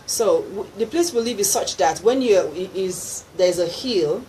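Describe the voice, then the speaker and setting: A middle-aged woman with a Nigerian accent tells her story in a radio studio. Her pitch sits in a middle range, and she acts out the voices of the people she talks about. A faint hiss runs under the recording. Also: lively intonation, a little slow, warm tone, rough recording. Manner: storytelling with acted quotes and laughter. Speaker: gospel singer guest. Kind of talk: animated testimony. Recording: faint background noise.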